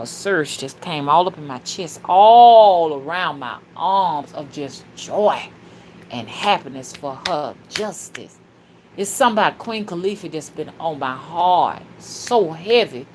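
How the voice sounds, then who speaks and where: A woman hosting a spiritual livestream, talking fervently and casually to her viewers, with sudden loud shouts. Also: fairly low pitch, a little hiss or hum. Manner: casual and slangy, calls listeners "y'all" and "honey". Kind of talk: livestream talk reading viewer comments.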